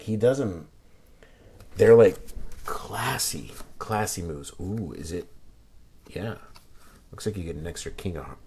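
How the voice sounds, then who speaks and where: A young man with a mellow, fairly low voice reviews a deck of playing cards, chatting loosely with many fillers and restarts, and slipping into whispers as he inspects the cards. A slight hiss or hum sits under the recording.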